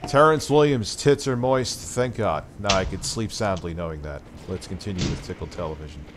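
A man's voice: low-pitched, normal speed, noisy background. Profane sarcastic male livestream host. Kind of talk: casual livestream chat.

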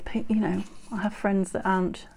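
Gravelly-voiced British woman crafting. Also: medium pitch, flat delivery, normal speed, slight background noise. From United Kingdom. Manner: chatty, self-mocking, drops into soft murmurs while working. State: slightly out of breath from heat. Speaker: craft vlogger. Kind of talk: casual crafting chat. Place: home craft room with door shut.

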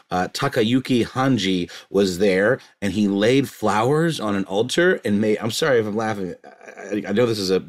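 Man, podcast co-host, low voice, rambling, lots of fillers, casual chat. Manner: rambling, hesitant with many fillers and restarts; amused, chuckling.

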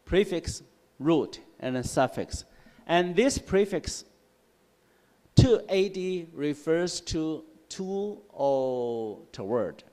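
A male English teacher giving a classroom lecture on word roots, explaining slowly and repeating himself, often checking with "right?" and "okay?". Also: on the high side, animated, a little mellow. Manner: slow, repetitive explaining with frequent "right?" and "okay?". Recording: long hall reverb in a classroom.

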